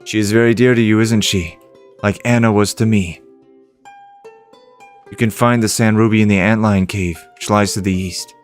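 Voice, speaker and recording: A man's voice: lowish voice, steady tone, normal speed, long pauses, faint music behind, lightly acted. A man reading aloud a young prince's game dialogue in his own plain voice. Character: young grieving prince, soft-spoken.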